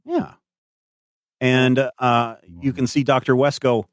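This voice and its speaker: A man narrating as game master of a tabletop game, animated and hesitant with many fillers. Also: medium pitch, slow pace, no room sound, clean studio sound.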